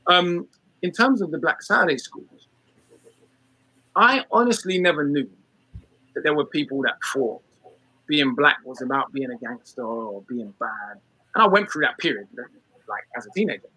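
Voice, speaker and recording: A young adult British man from England, giving a talk to an audience about race and class in an emphatic, quick manner with frequent restarts. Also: on the high side, animated, sharp tone, breathy edge, no room sound, poor audio. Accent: British English. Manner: fast, emphatic, many restarts.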